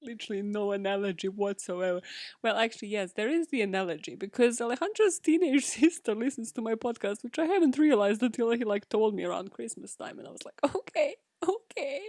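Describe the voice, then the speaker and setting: Giggly British woman, bright high voice. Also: a little fast, no room sound, clean studio sound. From Britain. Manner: chatty, giggly, swears freely. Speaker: podcast host. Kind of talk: casual solo podcast chat.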